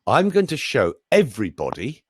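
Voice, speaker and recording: A man's voice: mid-range voice, huge pitch swings, normal speed, slightly rough. A middle-aged British man, a voice coach, chatting in a jokey, show-off way. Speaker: voice coach and speaker. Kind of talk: casual live chat.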